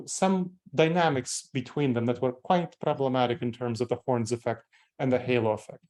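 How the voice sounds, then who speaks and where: A man in his forties, speaking in a mid-range, slightly mellow voice with a Moldovan accent, leads a staff training talk as a corporate trainer. His explanations proceed step by step, with key terms repeated for emphasis.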